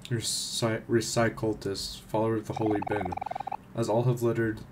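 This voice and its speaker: A man voicing a preachy male follower of a recycling cult, solemn and sermon-like, over loud background noise. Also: fairly low pitch, little pitch movement, normal speed, natural voice.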